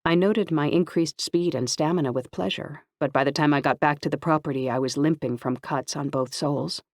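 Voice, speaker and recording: Audiobook narrator, first-person novel, steady, mid-pitched, dry close sound. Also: a little fast, no room sound.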